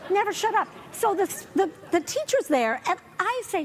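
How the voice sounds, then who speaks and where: An older woman doing a live stand-up set on stage, wry and self-mocking, slipping into quick character asides. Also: very high-pitched, big pitch swings, noisy background. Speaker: stand-up comedian. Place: comedy festival stage before a live audience.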